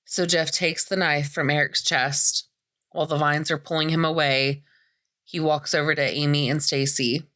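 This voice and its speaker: A woman's voice: low voice, fairly even intonation, normal speed, a bit bright. A woman podcast host casually recapping a movie plot, chatty, full of "like" fillers and casual swearing.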